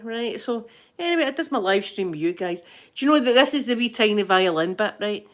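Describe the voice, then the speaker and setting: A woman's voice: fairly high pitch, expressive, fast. A middle-aged Scottish woman chatting casually on a live stream, greeting viewers by name and laughing often. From Scotland.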